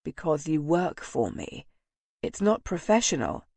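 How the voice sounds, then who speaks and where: Tender gentleman marquis, hushed and intimate, voiced by a woman narrator; unhurried, dry sound. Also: sing-song, creaky, no echo, heavily acted. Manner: low, murmuring, intimate. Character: tender, ardent gentleman marquis, soft-spoken.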